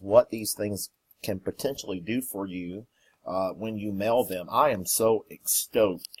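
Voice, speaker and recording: A man's voice: low voice, darkish tone, breathy edge. A man hosting a product review vlog, enthusiastic and dotted with uh and um fillers. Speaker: video host.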